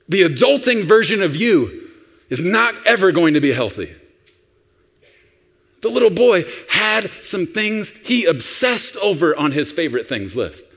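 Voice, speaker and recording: A man preaching a sermon as pastor, animated and acting out dialogues. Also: sits high, long reverb tail.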